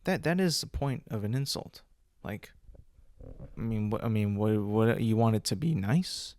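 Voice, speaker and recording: A man's voice: on the low side, expressive, moderate pace, darkish tone. Rambling man hosting a solo podcast. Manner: rambling, filler-heavy storytelling. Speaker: podcast host. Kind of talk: casual solo podcast talk.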